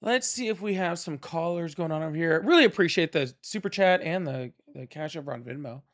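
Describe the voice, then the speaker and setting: A man's voice: fairly high pitch, animated, fairly bright tone. A man hosting a live political call-in stream, chatting casually and pressing callers hard. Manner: argumentative, quick to press callers.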